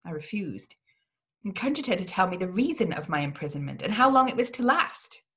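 Female read-along host, gothic novel, dramatic mid-pitched delivery. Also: very animated, brisk, fairly bright tone. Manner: dramatic reading with occasional slips. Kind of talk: reading a gothic novel aloud.

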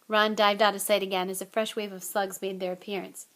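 A woman reading a novel aloud as audiobook narrator, in a steady storytelling manner. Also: mid-range voice, fairly quick.

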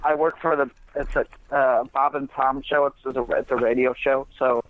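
Indiana comedian guy chatting on a podcast, kinda halting, dry dull lo-fi sound. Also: medium pitch, dry recording. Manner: relaxed, hesitant, many fillers. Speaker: comedian guest. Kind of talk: casual podcast interview.

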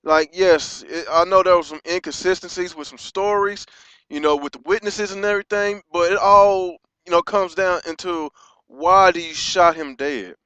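An American man delivering an impassioned vlog rant, halting and restarting often and swearing freely. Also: high-pitched, fairly bright tone, clean tone, no room sound. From United States. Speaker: vlogger.

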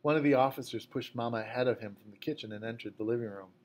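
A man reading a novel aloud at a measured, fairly quiet pace. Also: medium pitch. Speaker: audiobook narrator. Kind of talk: scripted narration.

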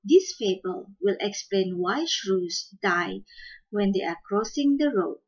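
Slow, expressive woman storyteller. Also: medium pitch, slightly rough, muffled recording. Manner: slow, expressive fable telling. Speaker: storyteller host. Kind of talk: storybook narration.

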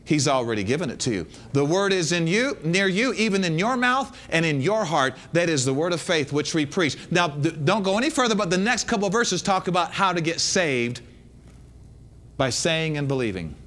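A man's voice: high-pitched, expressive, moderate pace, fairly bright tone. A man preaching a sermon as pastor, emphatic, repeating lines and calling out to the congregation.

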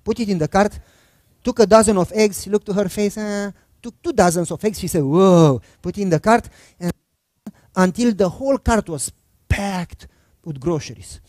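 This pastor, a middle-aged man, speaks at a moderate pace in a slightly mellow voice that sits high. He tells a personal story during his sermon in a chatty way, voicing the dialogue, with clean studio sound and no echo.

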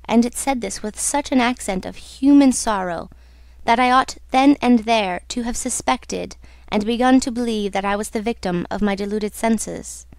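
A woman's voice: a little high, normal speed, a little mellow, dry recording, close to an everyday voice. A woman reading the part of a young woman singer, telling her love her story in an intimate, earnest way. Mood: wistful.

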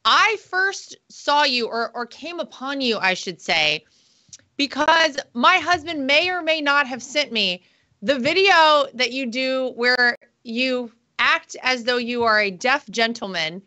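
A woman hosting a casual interview show, chatty and animated, laughing often as she retells stories. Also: high-pitched, takes it slowly. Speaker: host.

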